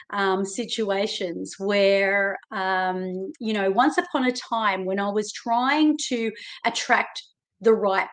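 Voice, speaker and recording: Slow, emphatic Australian woman coach. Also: medium pitch. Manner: emphatic, animated, speaks directly to listener. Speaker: self-help coach. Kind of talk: motivational talk to camera.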